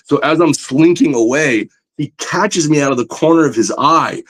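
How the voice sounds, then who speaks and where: A man's voice: a little high, fairly quick. Enthusiastic man telling stories. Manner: enthusiastic, animated, many fillers. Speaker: guest, comic book artist. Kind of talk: casual interview storytelling.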